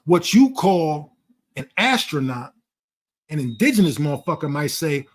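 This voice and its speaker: A man's voice: fairly high pitch, sing-song, a little slow, pauses often. A man talking in a blunt, profane, lecturing way during a casual conversation. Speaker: channel host.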